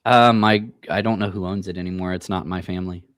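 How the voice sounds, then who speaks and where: A man with a Midwestern American accent chats casually as a paranormal podcast co-host. His voice sits a little low and the sound is dry and close. He tells stories loosely, with frequent swearing and laughter. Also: steady tone, fast talker, a bit bright, no echo. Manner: laid-back storyteller, swears and laughs often. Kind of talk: casual chat.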